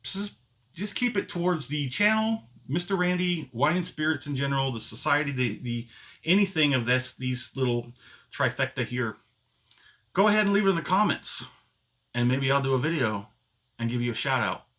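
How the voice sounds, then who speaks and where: A man's voice: medium pitch, animated, moderate pace, fairly bright tone. A middle-aged man hosting his own channel, telling a story to camera in a loose, rambling way that keeps correcting itself. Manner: rambling, self-correcting talk. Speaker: channel host.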